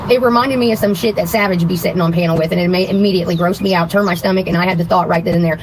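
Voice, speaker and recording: A woman's voice: lowish voice, fairly even intonation, rapid-fire, a little hiss or hum, low-quality recording. A woman ranting angrily on her livestream, blunt and dismissive, cursing heavily. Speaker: live streamer. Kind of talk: angry casual livestream rant.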